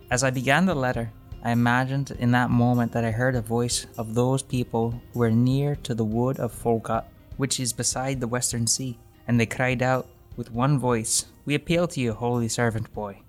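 A man's voice: medium pitch, close to an everyday voice. A man voicing a pompous St. Patrick in a put-on Irish accent, theatrical and profane. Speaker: podcast co-host. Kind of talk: casual comedy podcast chat.

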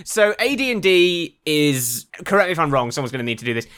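A man's voice: on the high side, big pitch swings, brisk, fairly bright tone, clear, resonant tone. A man co-hosting a casual comedy podcast, profane and bantering. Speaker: podcast co-host.

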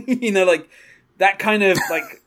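A man's voice: sits high, a little slow, fairly bright tone. A man co-hosting a casual music podcast, talking loosely with many fillers and little laughs. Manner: chatty, many fillers, reads lyrics aloud. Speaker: podcast co-host.

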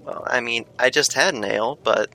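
A man playing a tabletop game, speaking in a deadpan, slightly confused way. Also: mid-range voice, a little fast. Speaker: player. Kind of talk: casual tabletop play.

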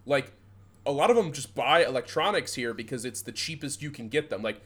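Young michigan guy on a podcast, rambles and swears, laughs thru his stories, mid-pitch voice. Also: lively intonation, fairly quick, husky. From Southeast Michigan. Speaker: podcast co-host. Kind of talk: casual chat.

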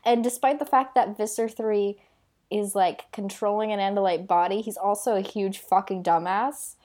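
A woman's voice: medium pitch, fairly even intonation, moderate pace, darkish tone. A woman co-hosting a podcast in casual chat, making dry, wry asides. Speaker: podcast co-host.

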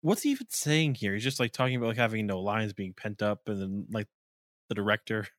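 A man's voice: on the low side, brisk, fairly bright tone, no echo, clean studio sound. A man in casual podcast chat about an anime, rambling with lots of fillers in a laid-back way.

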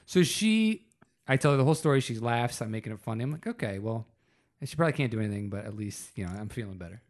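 Podcast co-host, man, mid-pitched, animated storyteller who swears freely. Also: fast. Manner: animated, swears freely, acts out both sides of phone calls. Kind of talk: casual storytelling chat.

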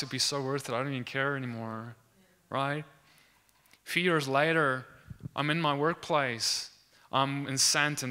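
A young man tells a testimony in a lively, conversational sermon, acting out what people in his story say. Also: mid-range voice, clear, resonant tone. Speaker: preacher sharing a testimony.

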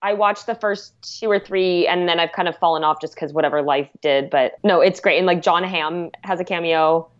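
Lower-voiced woman on a dull lo-fi mic. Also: fairly quick, hardly any pauses. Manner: enthusiastic, rambling recaps. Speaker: podcast guest. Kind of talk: casual chat.

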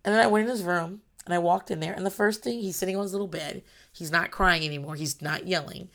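A woman's voice: on the low side, fast talker, vocal fry, a bit bright. A mother in her thirties talking candidly about parenting, blunt and emphatic, swearing freely. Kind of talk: casual monologue.

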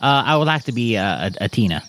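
A man playing in a tabletop game, talking casually with hesitant, halting phrasing. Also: medium pitch, sing-song, a bit bright, a little hiss or hum. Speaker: player.

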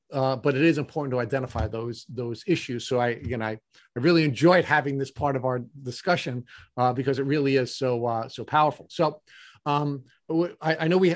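A man's voice: mid-range voice, no echo, clean studio sound. A man hosting an interview, talking earnestly with frequent restarts and repeated words. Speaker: podcast host. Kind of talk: interview conversation.

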